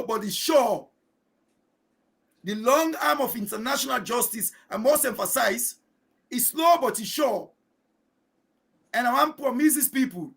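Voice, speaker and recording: High gravelly Sierra Leonean man. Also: fairly bright tone. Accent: Sierra Leonean Krio-English. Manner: emphatic, oratorical, with proverbs. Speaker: guest commentator. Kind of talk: political discussion show.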